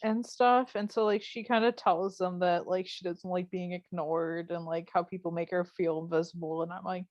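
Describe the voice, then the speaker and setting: A woman's voice: fairly low pitch, fairly even intonation, normal speed, hardly any pauses, a little mellow, dry recording, muffled recording. A young woman co-hosting a podcast, chatting casually and acting out quotes with lots of fillers. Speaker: podcast co-host. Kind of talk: casual chat recapping a TV episode.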